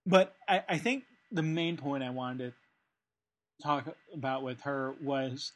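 A man's voice: medium pitch, slow pace. Rambling man in casual discussion. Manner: thinking aloud with many fillers and restarts. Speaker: podcast co-host.

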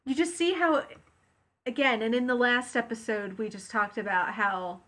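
A woman's voice: on the high side, normal speed, fairly bright tone. A woman co-hosting a podcast in casual chat, chatty and rambling with many fillers. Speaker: podcast co-host.

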